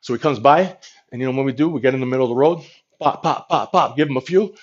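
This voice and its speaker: A man's voice: medium pitch, fast talker, muffled recording, pitched above the performer's own voice, natural voice. A man voicing a boastful middle-aged New York Italian tough guy with a New York Italian accent, name-dropping and saying "you know" constantly. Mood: boastful storytelling.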